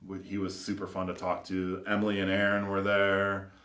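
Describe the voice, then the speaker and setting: Low-voiced man telling rambling stories. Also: monotone, normal speed, fairly bright tone. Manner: rambling, filler-heavy, acts out quoted voices. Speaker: custom car builder and shop owner. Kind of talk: casual anecdotal storytelling. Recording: roomy echo.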